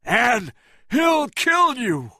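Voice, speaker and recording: A protective young man giving urgent warnings at a raised pitch, voiced by a male storybook reader. Bright and dry, close to the mic. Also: very animated, a little slow, dry recording, full character voice.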